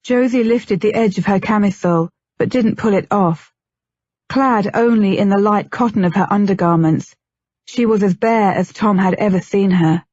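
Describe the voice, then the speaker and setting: A woman reading a novel aloud in a steady, measured way as an audiobook narrator. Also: medium pitch, no room sound. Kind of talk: scripted narration. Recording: dull lo-fi, dry.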